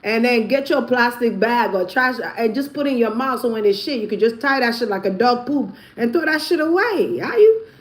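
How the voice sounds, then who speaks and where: A woman's voice: on the high side, lively intonation, a little fast. A woman vlogger giving blunt, profane gossip commentary, often breaking into laughter. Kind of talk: casual commentary.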